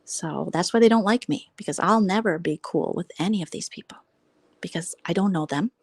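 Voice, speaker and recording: American lady ranting casually on a late-night stream, snarky, lowish voice, dry mic. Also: fairly quick, breathy edge, no echo. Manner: gossipy, sarcastic commentary on online drama; reads out super chats and thanks viewers. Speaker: livestream host. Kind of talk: casual livestream chat.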